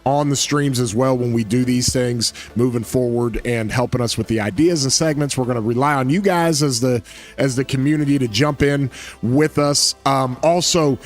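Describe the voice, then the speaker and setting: A man hosting a casual gaming podcast stream, talking in an enthusiastic, rambling way with frequent restarts. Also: medium pitch. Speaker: podcast host. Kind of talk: casual livestream podcast chat.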